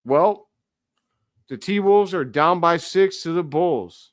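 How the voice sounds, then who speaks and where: A man hosting a live stream, giving casual play-by-play commentary as an excitable fan who talks to his chat. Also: a little high, slow, no room sound, studio quality.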